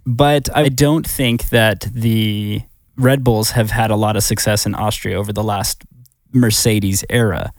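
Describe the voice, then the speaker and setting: A man's voice: lowish voice, fairly even intonation, measured pace, no room sound, studio quality. A man co-hosting a casual racing podcast chat, laughing often as he explains details. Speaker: podcast co-host.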